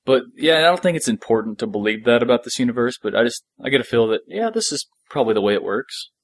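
A man's voice: medium pitch, big pitch swings, quick pace, breathy edge, dry recording. A man co-hosting a podcast, chatting in an enthusiastic, laid-back way about a show he is a fan of. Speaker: podcast co-host. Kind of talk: casual chat.

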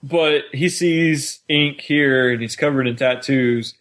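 A man co-hosting a podcast, chatty and quick to laugh while discussing episodes. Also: mid-range voice, a bit bright. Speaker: podcast co-host. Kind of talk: casual chat.

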